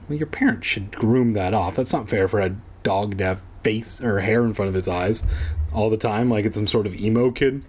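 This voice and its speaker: Husky man reading a storybook aloud. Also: medium pitch. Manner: irreverent, swears in offhand asides. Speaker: reader. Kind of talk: casual storybook reading with asides. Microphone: home recording, edited later.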